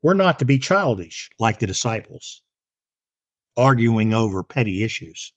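A man's voice: medium pitch, big pitch swings, a little slow, no room sound, dull audio. A man reading a story aloud and then teaching a Bible lesson in an earnest, plain-spoken way.

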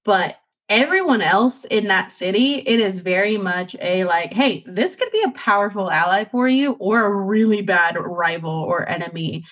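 A woman's voice: mid-range voice, moderate pace, few pauses, fairly bright tone. A woman chatting casually on a podcast, rambling with many "like"s and restarts. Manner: rambling, heavy use of "like" and restarts. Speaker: podcast panelist. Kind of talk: casual chat.

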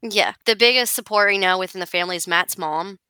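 A woman talking casually as a podcast guest, telling stories in an animated, chatty way. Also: lowish voice, quick pace, clean tone, no echo, low-quality recording. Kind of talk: casual conversation.

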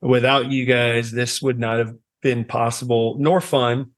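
A man's voice: mid-range voice, steady tone, a little slow. A man hosting a podcast in loose, casual chat, swearing freely and laughing with his co-hosts. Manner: laid-back, swears casually, laughs often. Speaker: podcast host.

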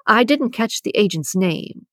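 A woman's voice: medium pitch, expressive, measured pace, dry recording, clean studio sound, voice pushed up. A woman voicing a cocky, nosy male coworker who wisecracks and teases in an audiobook. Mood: teasing. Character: cocky, teasing male employee. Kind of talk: audiobook character reading.

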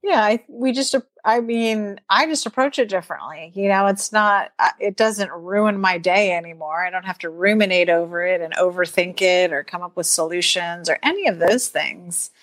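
A woman talking as an interview guest, animated and chatty, acting out her own inner voice in quotes and laughing lightly now and then. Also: on the low side, normal speed, few pauses, no room sound, clean studio sound. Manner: laughs lightly mid-sentence. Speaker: guest speaker and teacher. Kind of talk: casual interview chat.

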